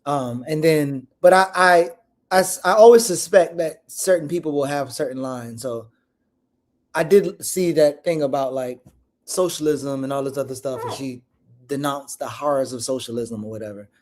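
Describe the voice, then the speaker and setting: A man panelist on a political talk show, asking questions haltingly with many restarts and speaking in informal slang. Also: mid-range voice.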